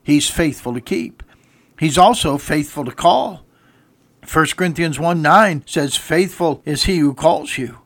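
A man's voice: fairly high pitch, animated, unhurried, fairly bright tone. A man preaching a sermon, telling a story and then repeating a rising refrain to his listeners.

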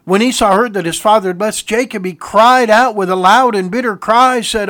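A man's voice: sits high, normal speed, few pauses, sharp tone, no room sound. A man preaching a sermon, exhorting his listeners emphatically and laughing briefly at his own stories.

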